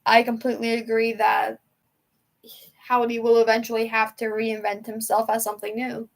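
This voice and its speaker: Young woman streamer, rambling and emotional, slightly high voice, casual chat from home. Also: monotone, normal speed, vocal fry. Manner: rambling, emotional, chatty fan talk. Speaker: livestream host.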